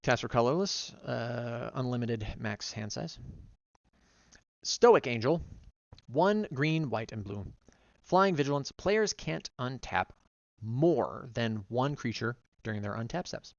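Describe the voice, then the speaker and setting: A man streaming as a vtuber, casually reading game card text aloud one card after another, quick and run-on. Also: medium pitch, lively intonation, creaky, dry recording, dull audio.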